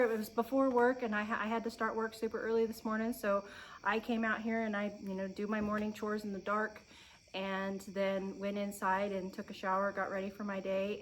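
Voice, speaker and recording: On the low-quality recording, faint crickets chirp as a medium-pitched woman in her thirties, a homestead vlogger from Oregon, speaks heartfeltly to her viewers outside on her farm. Emotional, almost crying, she stays encouraging and earnest, frequently pausing and restarting.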